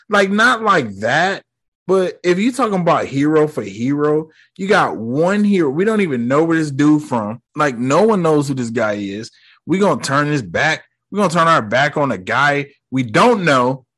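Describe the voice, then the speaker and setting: Animated young man, lively slangy recap. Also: a little high. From United States. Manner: animated slang-heavy storytelling with mocking quoted voices. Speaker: podcast host. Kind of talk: casual movie recap.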